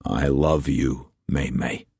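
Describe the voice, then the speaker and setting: A man doing a deep Scottish merchant. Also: expressive, no echo, clean studio sound, full character voice. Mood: tender. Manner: low, slow, gentle and deliberate.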